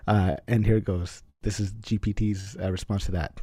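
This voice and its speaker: A man's voice: on the low side, little pitch movement, normal speed, few pauses, dark tone, dry recording, studio quality. A man hosting a casual online group chat, laid-back and peppering his talk with "man". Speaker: host.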